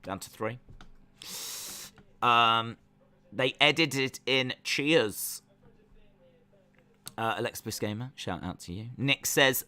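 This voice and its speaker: A male stream host talks slowly in casual live-stream commentary and reads out chat as he goes. His voice is smooth and resonant, with a tense, forceful edge. He plays mock-stern and repeats his warnings for comic effect. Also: mid-range voice.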